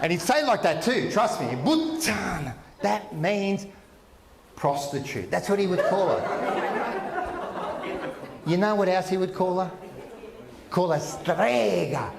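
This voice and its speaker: Brash male comic, high voice, crowd work in a roomy hall with an audience. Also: unhurried, long pauses, heavy background noise. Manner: brash, teasing crowd work with loud outbursts. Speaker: stand-up comedian at a live event. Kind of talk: stand-up comedy. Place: function room with a live audience. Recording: echoey room with audience.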